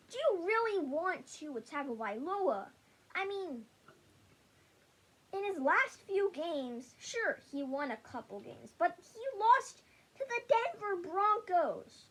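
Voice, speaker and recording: Super high voiced woman ranting casually about sports, lively up and down, blunt, keeps tripping over her words. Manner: blunt and rambling, stumbles and restarts often. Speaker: sports vlogger. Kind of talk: casual sports opinion rant.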